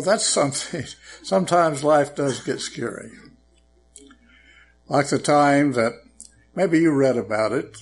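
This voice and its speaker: A male preacher telling folksy jokes and stories in an unhurried sermon, with frequent fillers. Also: mid-range voice.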